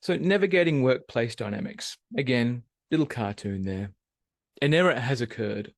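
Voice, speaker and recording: Animated man presenting a webinar. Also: medium pitch, normal speed, no echo, studio quality. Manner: animated, asks the audience questions. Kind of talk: live webinar talk.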